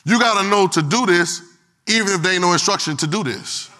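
Man, preacher, church service, high bright voice, call-and-response and shouts. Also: brisk. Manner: call-and-response with the congregation, swings from quiet to shouting. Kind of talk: sermon.

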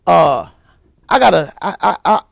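A male pastor preaching a sermon with emphatic delivery, repeating phrases and breaking into shouts. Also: high voice, very animated, unhurried, creaky, dry recording.

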